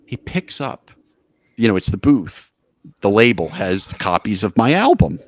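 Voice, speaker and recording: A man's voice: fairly low pitch, a little slow, no room sound. A man telling stories in a casual interview, acting out what others said. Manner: animated anecdote-telling, acts out quotes. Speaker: guest musician.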